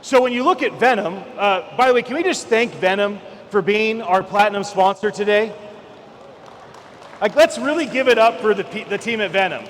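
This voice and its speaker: A man in his forties with a high voice, originally from California, delivers an energetic conference keynote. He hammers his points and rises to near-shouts for emphasis. His voice rings through a large hall, with faint ambience behind it. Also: normal speed, slight background noise. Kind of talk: keynote speech with storytelling.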